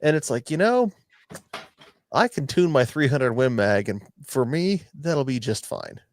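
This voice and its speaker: A man's voice: mid-range voice, lively intonation, measured pace, no room sound. A man hosting a podcast, rambling and swearing as he tells stories in casual chat. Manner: rambling, profane, storytelling. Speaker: podcast host.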